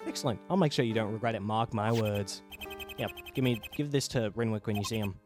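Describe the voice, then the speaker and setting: A man's voice: on the low side, a little fast, lightly acted. A man voicing a brash, casual male detective over game music. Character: blunt male detective asking for a lawyer. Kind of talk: let's play voice acting.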